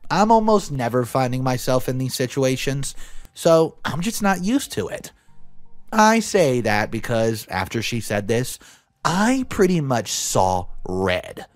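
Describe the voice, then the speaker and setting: A young man narrating a story aloud in a lively, expressive way, over faint music. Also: medium pitch, unhurried. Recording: dry close voice with faint music.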